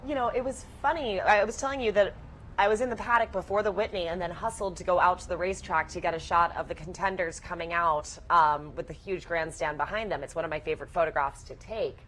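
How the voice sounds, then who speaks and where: An eager woman guest tells her stories on a radio show. Her voice sits fairly low for a woman, and a faint hum runs behind her. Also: fast, a bit bright, low-quality recording. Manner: enthusiastic, storytelling. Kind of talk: casual radio interview.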